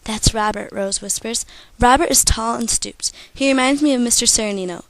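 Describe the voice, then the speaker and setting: Teenage girl, student author, reads own story, steady narration, fairly high voice. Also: fairly quick, no room sound, low-quality recording. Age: teens. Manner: steady first-person storytelling. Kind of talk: reading her own story aloud.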